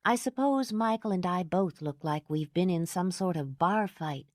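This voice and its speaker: A woman's voice: fairly low pitch, moderate pace, a little mellow, no echo, studio quality, lightly acted. A woman reading an audiobook, voicing a tired, kind young mother who speaks reasonably. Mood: weary.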